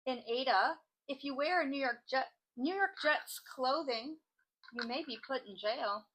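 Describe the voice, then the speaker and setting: Woman, crafting host, casual chat, bright tone, slightly high voice, joking asides. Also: measured pace, rough recording.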